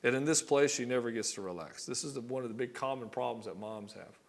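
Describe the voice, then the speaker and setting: A man's voice: medium pitch, quick pace, gravelly. A man coaching husbands on relationships, talking bluntly, swearing casually and acting out both partners in short skits. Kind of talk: direct-to-camera coaching talk.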